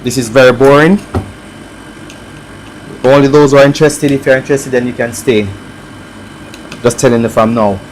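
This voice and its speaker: A man with a Jamaican accent chatting casually on a live stream as he works on a repair, reading viewer comments aloud and thinking out loud. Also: mid-range voice, fairly even intonation, normal speed, pauses often, a little hiss or hum, low-quality recording. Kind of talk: casual live-stream chat while working.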